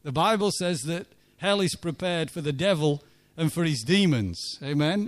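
High-voiced man preaching through a story. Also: lively intonation, normal speed. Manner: chatty, anecdotal, asks the congregation for agreement. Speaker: church minister. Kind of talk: storytelling sermon.

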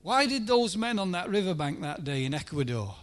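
A man preaching a sermon at a church meeting, emphatic, swinging between loud pleading and hushed lines. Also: high voice, big pitch swings, brisk.

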